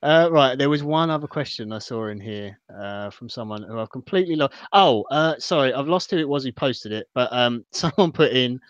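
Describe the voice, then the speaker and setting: A man hosting a casual football podcast, moderating with a jokey, brisk manner and reading out listener questions. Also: medium pitch, expressive, no room sound. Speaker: podcast host. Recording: dry, slightly dull home mic.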